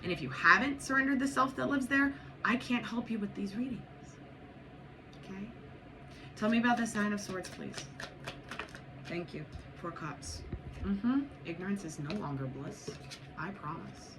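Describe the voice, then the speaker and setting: A woman's voice: medium pitch, animated, moderate pace, pauses often. A woman giving a spiritual tarot reading to viewers, blunt and profane, urging and repeating herself. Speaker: tarot reader. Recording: noisy background.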